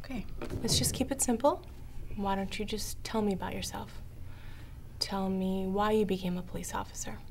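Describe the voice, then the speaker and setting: An actress playing a no-nonsense police psychological evaluator who speaks in curt, professional tones. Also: female voice, mid-range voice, fairly even intonation, moderate pace, creaky, slight background noise, lightly acted. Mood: cool. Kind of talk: film dialogue.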